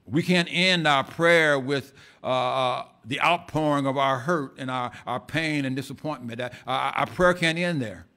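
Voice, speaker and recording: This church sermon comes from a male pastor of medium pitch who speaks unhurriedly and rarely pauses. Passionate throughout, he moves between forceful outbursts and quiet asides while repeating many words.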